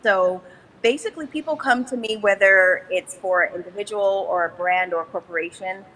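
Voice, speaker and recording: A woman guest chatting casually in an interview, upbeat and quick to laugh. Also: medium pitch, fairly bright tone, rough recording. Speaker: guest, business developer.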